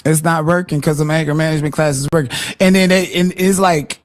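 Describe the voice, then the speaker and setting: A man speaks a little high for his sex, rattling off blunt, foul-mouthed opinions with constant restarts. The sound is dry and close, with no room around it. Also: steady tone, no echo. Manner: blunt and profane, fast with many restarts. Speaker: guest on a live show. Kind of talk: casual live-stream chat.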